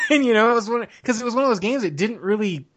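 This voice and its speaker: A man's voice: extremely high pitch, lively intonation, fast talker, a bit bright. A man telling long nostalgic stories in casual chat, rambling and laughing often.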